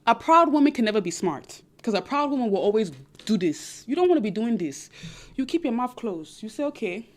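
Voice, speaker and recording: A young woman with a non-American English accent giving casual dating advice to her viewers, animated and repetitive, often acting out what other people say. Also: on the high side, brisk. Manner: animated, repetitive, acts out quoted voices.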